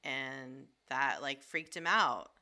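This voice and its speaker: A woman's voice: rumbling low, animated, takes it slowly, sharp tone. A woman co-hosting a podcast in casual chat, telling stories in a laid-back way. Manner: laid-back storyteller, laughs often. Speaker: podcast co-host.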